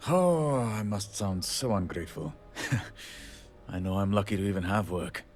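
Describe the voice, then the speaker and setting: A man's voice: lowish voice, lively intonation, unhurried, a little mellow. An actor voicing a middle-aged male handyman in video game dialogue, wry and rambling, laughing at himself. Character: weary, punning, self-deprecating male station handyman.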